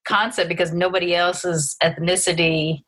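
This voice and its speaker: Woman podcast host, bright punchy voice, lowish, lively storyteller, laughs a lot. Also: normal speed. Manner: lively, animated storyteller who laughs often. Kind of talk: casual chat.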